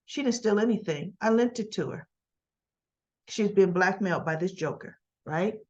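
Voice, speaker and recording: A woman's voice: mid-range voice, normal speed. Chatty woman recapping soap scenes, lo-fi. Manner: chatty, retells scenes in quoted lines with asides. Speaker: soap opera recap host. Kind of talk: casual spoken recap.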